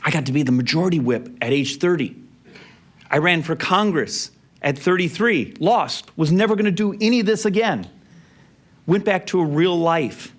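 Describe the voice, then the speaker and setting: A middle-aged man giving a speech, telling a personal family story in an anecdotal way and dropping quiet and soft in the emotional parts. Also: a little high, expressive, moderate pace. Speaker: speaker. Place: event venue.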